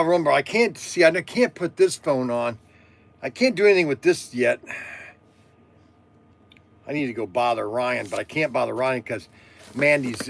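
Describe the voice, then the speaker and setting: A middle-aged man who runs a toy shop, hosting a casual live stream in a loud, rambling, chatty way. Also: mid-range voice, vocal fry. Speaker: toy shop owner and vlog host.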